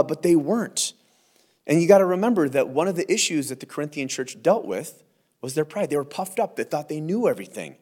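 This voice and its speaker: A male pastor gives a verse-by-verse teaching in a slightly high, very animated voice. He talks conversationally and presses his points hard, often restarting and repeating words as he goes.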